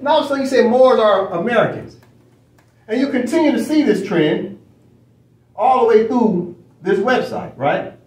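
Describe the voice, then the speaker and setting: A man's voice: very high voice, lively intonation, normal speed, a little mellow, recorded from a distance. Emphatic man lecturing in an echoey room. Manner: emphatic, repeats phrases, asks rhetorical questions. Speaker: study session teacher. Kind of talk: lecturing while reading from a screen.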